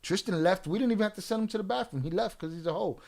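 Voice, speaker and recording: A man's voice: high-pitched, racing, vocal fry, a little mellow. A man hosting a livestream, ranting at chat in a profane, confrontational, taunting way. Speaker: livestream host. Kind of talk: livestream rant addressing chat.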